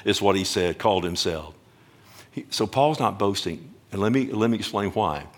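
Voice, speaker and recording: Emphatic preacher man, loud then hushed. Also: lowish voice, expressive. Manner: emphatic, swings between loud and hushed, addresses the congregation directly; slows down to stress words. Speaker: pastor. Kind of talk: sermon.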